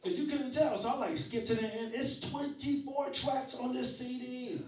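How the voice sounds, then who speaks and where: A man's voice: very high voice, fairly even intonation, normal speed. A man in his forties telling stories in a loose, profane, conversational way during a stand-up set at a small venue. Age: 40s. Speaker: stand-up comedian. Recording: roomy club sound, mic at a distance.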